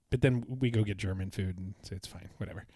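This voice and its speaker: A man co-hosting a casual podcast, telling rambling travel stories with frequent laughs and throat-clearing. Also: fairly low pitch, darkish tone, no room sound. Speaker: podcast co-host. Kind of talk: casual chat.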